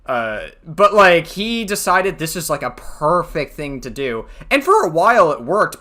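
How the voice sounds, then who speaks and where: Bright-voiced, profane male commentator. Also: mid-range voice. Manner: profane, rambling, laughs at his own jokes. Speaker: drama commentary host. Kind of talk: casual commentary.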